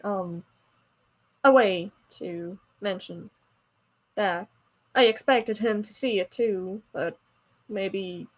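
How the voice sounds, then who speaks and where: A woman's voice: mid-range voice, darkish tone. Hesitant Southern woman at a game table. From American South. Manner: hesitant, filler-heavy. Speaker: tabletop player. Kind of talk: in-character role-play banter.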